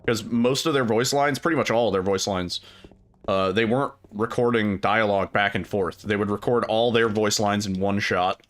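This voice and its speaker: A man's voice: lowish voice, steady tone, normal speed. A man casually chatting and laughing as he streams a game, with goofy asides to his chat. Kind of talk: casual gameplay commentary.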